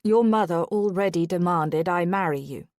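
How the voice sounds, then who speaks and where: A woman reading a calm, arrogant young nobleman in a low, quiet, even voice in an audiobook. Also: normal speed, dry recording, studio quality.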